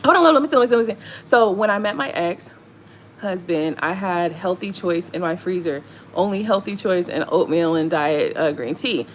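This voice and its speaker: Speaking at a normal speed in a fairly low voice, a woman who reads tarot chats with her live stream audience. She tells lively stories, swearing and laughing often, over a faint hiss or hum.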